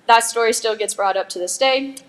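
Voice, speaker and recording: A woman's voice: on the high side, fairly quick. A young woman, a graduating valedictorian, giving a chatty, joking commencement speech with giggling asides. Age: young adult. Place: school graduation ceremony.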